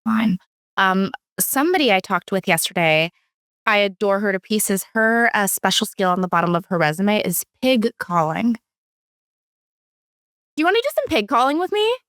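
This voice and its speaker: A woman hosting a casual interview, talking in a playful, teasing and animated way. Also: medium pitch, normal speed, no echo, studio quality. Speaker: podcast host.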